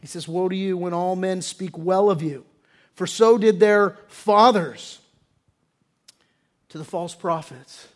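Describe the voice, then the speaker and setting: High-voiced man preaching emphatically. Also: takes it slowly, pauses often. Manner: emphatic preaching with sudden loud stresses and drops; acts out quoted attitudes in character. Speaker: pastor. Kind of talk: sermon.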